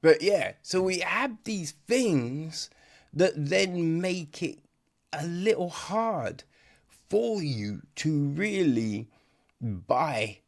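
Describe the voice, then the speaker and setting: A podcast host reviewing a film in casual, sarcastic chat, often checking in with "right?" The voice is gravelly, and the pitch swings widely. Speech comes at an unhurried pace. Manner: conversational, keeps asking "right?", restarts often; sarcastic, mocks dialogue in exaggerated voices.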